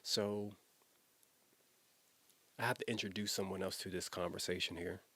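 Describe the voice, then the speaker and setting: A man's voice: deep voice, steady tone, normal speed, sharp tone, breathy edge, dry recording. A man, a former youth pastor, telling a personal story in an earnest, emotional, conversational way, often repeating himself as he talks.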